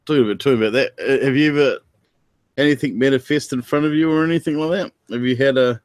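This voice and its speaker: A man chatting casually as a paranormal co-host, enthusiastic and quick to laugh. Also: mid-range voice, clear, resonant tone, dry recording. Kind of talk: casual chat.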